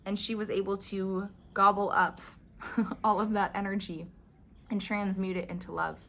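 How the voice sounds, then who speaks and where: A woman's voice: medium pitch, little pitch movement, moderate pace, gravelly, fairly bright tone, slight background noise. A woman vlogger discussing spiritual teachings, telling a personal story in a casual, chatty way, full of "like" fillers. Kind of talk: casual reflective monologue.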